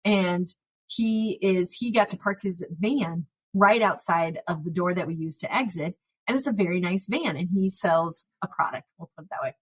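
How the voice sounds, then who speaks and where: Husky woman telling a story. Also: lowish voice, moderate pace, poor audio. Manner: animated storyteller, acts out quoted lines. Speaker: podcast host. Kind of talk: casual storytelling chat.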